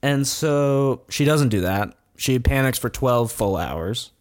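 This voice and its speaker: A man's voice: medium pitch, slow pace. A man casually retelling a documentary's story, swearing often and laughing as he talks. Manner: profane, laughing, animated retelling. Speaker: commentator recapping a documentary.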